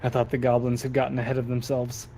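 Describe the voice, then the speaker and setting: A man voicing a cold, one-eyed male mercenary with a rasping voice, speaking quietly and guardedly in a tabletop game. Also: mid-range voice, monotone, fast talker, soft background music, natural voice.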